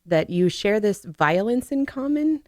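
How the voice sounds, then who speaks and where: A woman speaking as a podcast guest in a casual book discussion, thoughtful and measured as she works through her views. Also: medium pitch, lively intonation, no echo, clean studio sound.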